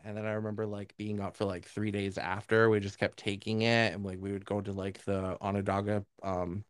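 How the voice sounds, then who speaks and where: A man's voice: fairly low pitch, little pitch movement, brisk, clear, resonant tone, no room sound. A young man co-hosting a podcast, telling rambling stories in casual chat with lots of fillers and swearing. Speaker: podcast co-host.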